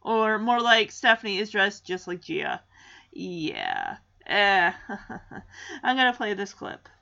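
A woman's voice: mid-range voice, huge pitch swings, slow, vocal fry, pushed and bright, highs cut off, slight background noise. A woman in her forties chatting casually as she recaps a sitcom episode, rambling into personal asides.

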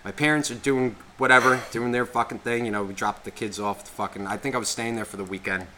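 A man in his thirties, a podcast co-host, telling a long rambling story in casual chat, swearing a lot and filling every pause with "like.". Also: mid-range voice, steady tone, noisy background. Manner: rambling, heavy profanity, constant "like" fillers.

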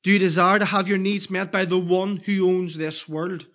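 Earnest high-voiced preacher. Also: male voice, level tone, moderate pace, fairly bright tone, dull audio. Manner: earnest, repeated pleading questions. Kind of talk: evangelistic sermon.

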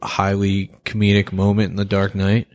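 Low-voiced man in blunt, rambling chat. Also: completely flat delivery, moderate pace. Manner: rambling, blunt, heavy on fillers, swears. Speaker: podcast co-host. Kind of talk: casual movie-review chat.

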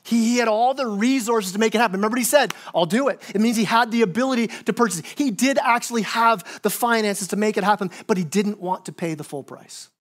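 High-voiced animated male preacher. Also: fast talker, hardly any pauses. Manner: animated storytelling with acted-out quotes and self-repeats. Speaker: pastor. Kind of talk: sermon. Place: church sanctuary.

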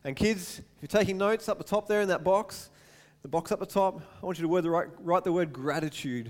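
A man in his thirties preaching a sermon to his church, animated and repeating words for emphasis. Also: high-pitched, a little fast. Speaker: pastor. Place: church hall.

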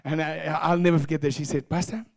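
A man preaching a sermon as pastor, telling stories in an animated way and acting out voices. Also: on the high side, quick pace, creaky, dry recording, clean studio sound. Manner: animated, acts out voices, laughs at own stories. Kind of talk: sermon storytelling.

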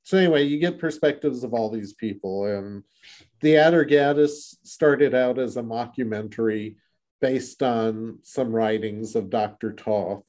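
Mellow-voiced man chatting about a book. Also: medium pitch, a little slow. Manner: rambling, many restarts and fillers. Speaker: podcast co-host. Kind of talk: casual book discussion.

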